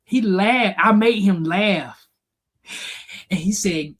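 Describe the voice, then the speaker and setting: A man's voice: sits high, normal speed, slightly rough. A man co-hosting a podcast, telling frank, profane stories about his childhood in casual chat. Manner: candid storytelling, profane, animated. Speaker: podcast co-host.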